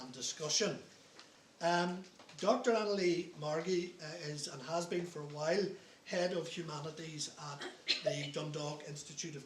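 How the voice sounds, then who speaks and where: A middle-aged man chairs a lecture session, speaking hesitantly with many ums and chatty asides. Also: fairly high pitch. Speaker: conference chair. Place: lecture hall. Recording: echoey hall, distant mic, faint hiss.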